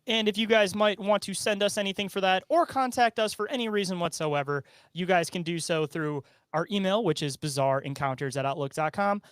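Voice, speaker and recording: A man's voice: sits high, a little fast, hardly any pauses, clean tone, no echo. A man co-hosting a casual comedic podcast, joking and laughing often. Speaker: podcast co-host.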